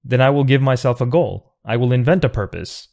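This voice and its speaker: A man's voice: mid-range voice, lively intonation, fairly quick, creaky, a little mellow. A man reading a defiant, thoughtful man. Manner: earnest, precise, argumentative. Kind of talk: audiobook reading.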